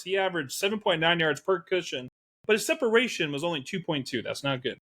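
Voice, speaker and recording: Male co-host, casual sports talk, bright tone, lively delivery. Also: a little high, fast talker. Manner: animated, laughs often, reads out stats. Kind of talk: casual podcast chat.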